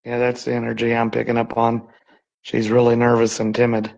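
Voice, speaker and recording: A man from Texas on a live-streamed ghost hunt, talking softly and reassuringly to an unseen presence in an old building. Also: mid-range voice, completely flat delivery, brisk, vocal fry, highs cut off. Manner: soft, coaxing, reassuring. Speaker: paranormal investigator. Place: old saloon building at night.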